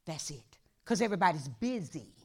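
A woman pastor preaching a sermon in a church, impassioned and repetitive, dropping to a hush and then rising to shouts. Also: fairly low pitch, big pitch swings, brisk, breathy edge. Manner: impassioned, repeats phrases, swings from hushed to shouting.

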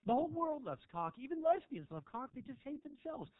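In a small club, a stand-up comedian rambles provocatively through a set full of crowd work, teasing the audience into a handheld stage mic. His very high voice swings widely in pitch and moves briskly, and the audio is narrow and tinny with no room sound.

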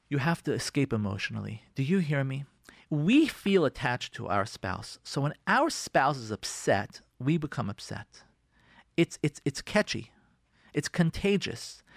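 A man's voice: a little high, dry recording, clean studio sound. A man hosting a radio show, giving direct, preachy marriage advice and often repeating himself. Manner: preachy, repeats himself, sprinkles Yiddish and Hebrew terms.

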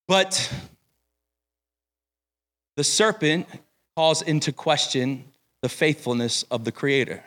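A young man preaching at a summer camp service, energetic and playful, calling himself over the top. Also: on the high side, very slow, long pauses. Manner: energetic, playful, self-described as extra. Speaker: camp speaker. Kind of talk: sermon.

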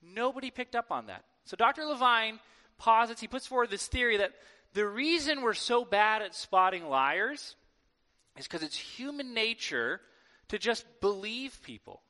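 A man preaching a sermon to his church in a lively, conversational way, acting out quoted voices. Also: high voice, moderate pace. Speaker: pastor. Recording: long hall reverb.

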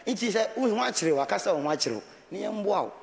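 High-voiced Ghanaian preacher in a reverberant hall. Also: male voice, animated, fast, creaky. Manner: conversational preaching, switching between Twi and English. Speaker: pastor. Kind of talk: sermon.

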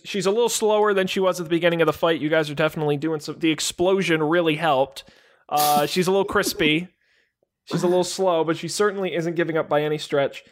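A man narrating as game master of a tabletop game, casual and joking. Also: a little high. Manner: casual, joking, quick asides.

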